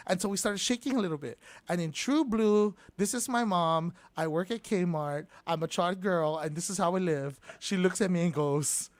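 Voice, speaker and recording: A middle-aged woman hosting a morning radio show, telling a funny story in an animated, slangy way. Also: on the low side, normal speed, few pauses, no echo. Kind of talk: casual radio chat, storytelling. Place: radio studio. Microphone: studio microphone.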